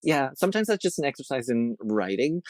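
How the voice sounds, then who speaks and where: A man's voice: mid-range voice, very animated, a little fast, a little mellow, dry recording, clean studio sound. A man from Canada, a veterinarian and comedian, chatting as a guest in a rambling, self-mocking way. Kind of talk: casual interview chat.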